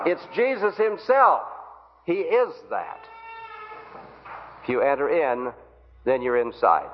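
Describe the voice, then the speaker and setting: A man's voice: fairly high pitch, a little hiss or hum. A man preaching an evangelistic sermon, pleading earnestly with the congregation through rhetorical questions. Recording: tinny phone-like old recording.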